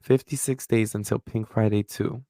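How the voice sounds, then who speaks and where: A man's voice: fairly low pitch, steady tone, moderate pace, mellow, no room sound, clean studio sound. A man co-hosting a podcast, talking casually in an upbeat, slangy way and giving listeners words of encouragement. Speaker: podcast co-host. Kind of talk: casual chat.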